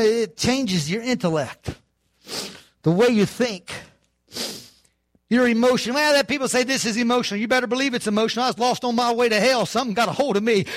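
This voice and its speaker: An older man, preaching a sermon with fervor that rises to shouts. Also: very high-pitched, dry recording. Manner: fervent, rising to shouts, southern-style preaching. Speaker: pastor.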